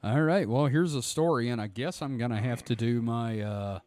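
A hoarse man co-hosting a podcast in casual, joking, profane banter. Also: medium pitch, normal speed, a little mellow, no echo. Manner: joking, profane, reads stories aloud. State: hoarse throat. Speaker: podcast co-host.

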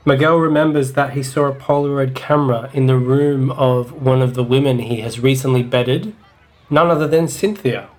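A man co-hosting a comedy podcast, recapping a novel in a dry, matter-of-fact manner. His voice sits at an ordinary middle pitch. He sounds mildly reluctant, as if humoring his partner. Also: normal speed. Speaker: podcast co-host. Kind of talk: comedic book discussion and reading aloud.

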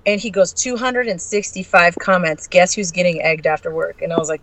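Give me a woman podcast guest telling a story, brash and profane, animated. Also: lowish voice, fairly quick, few pauses, no echo, low-quality recording. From Arizona.

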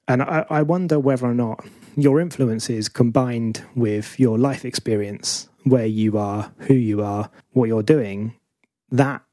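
A man's voice: mid-range voice, warm tone, no echo, clean studio sound. Thoughtful male podcast host. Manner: thoughtful, self-deprecating, stops to restart. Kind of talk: conversational interview.

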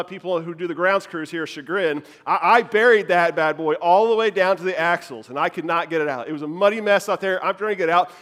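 Youth pastor, male, 30s, lively storytelling preacher, a touch higher pitched than most men. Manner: animated storytelling, laughs at himself. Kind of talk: sermon with personal story.

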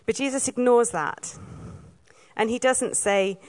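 A woman from Wales giving a sermon, telling the story in a lively way and acting out the lines she quotes. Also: mid-range voice, a little slow. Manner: lively storytelling, acts out quoted lines, laughs now and then. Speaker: preacher.

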